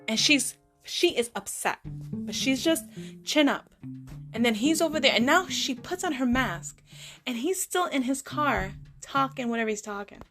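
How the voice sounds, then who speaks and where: A woman hosting a podcast, telling a story in a sassy, animated way with playful slang. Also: high-pitched, normal speed, music in the background. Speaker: podcast host. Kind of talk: casual storytelling monologue.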